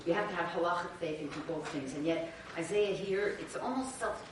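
Halting woman asking from across a room. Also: on the low side, heavy reverb, far from the mic, noisy background. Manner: halting and searching, restarts her sentences. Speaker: student. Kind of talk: classroom question.

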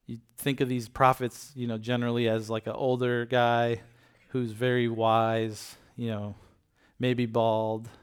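Man preaching in a relaxed, chatty way. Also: mid-range voice, unhurried, clear, resonant tone. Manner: conversational, retells scripture in everyday words; addresses listeners with frequent "okay?" and "right?". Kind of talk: casual Bible teaching.

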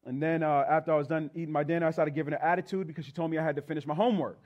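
A man's voice: on the high side, fairly even intonation, rapid-fire, lo-fi sound. A man preaching a sermon, moving from prayer into a personal story and talking straight to the congregation. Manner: conversational preaching, addresses congregation as y'all.

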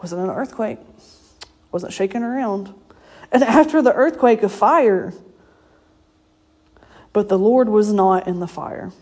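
Husky woman preaching. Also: medium pitch, measured pace, pauses often, mellow. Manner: conversational storytelling, laughs often. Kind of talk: informal sermon.

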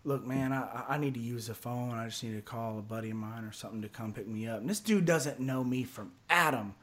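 A man from Texas spins a long, rambling tale as a podcast guest. He restarts his sentences and repeats himself often. He slips into other people's voices as he quotes them, at an ordinary male pitch. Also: fairly quick, fairly bright tone. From Houston area, Texas. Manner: rambling, repeats words, acts out others' lines. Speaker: podcast guest telling a story. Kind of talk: casual storytelling.

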